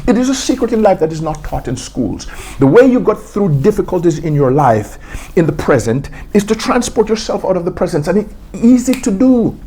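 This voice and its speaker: A man's voice: high voice, big pitch swings, fairly quick, warm tone, husky. A man telling stories as an interview guest, acting out quotes and laughing often. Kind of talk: storytelling interview.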